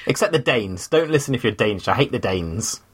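A man's voice: fairly low pitch, expressive, fairly quick, breathy edge. A man co-hosting a podcast, rambling with lots of hesitations and easy laughs in casual chat. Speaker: podcast co-host.

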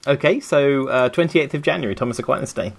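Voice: mid-range voice, expressive, fast, vocal fry, slight background noise. A podcast co-host in casual, playful chat, often laughing.

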